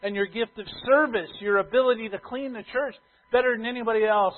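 A man with a fairly high voice delivers a sermon to his church. He slips between hushed, almost murmured asides and loud, emphatic repeated lines, often stopping to ask the congregation a question. The sound is thin and tinny, like a phone line. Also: a little fast. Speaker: pastor.

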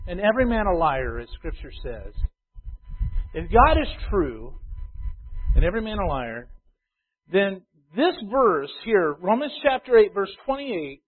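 A man preaching a sermon to a congregation, reading scripture slowly and loudly, then explaining it in a casual way. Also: high voice, breathy edge. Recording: tinny phone-like sound.

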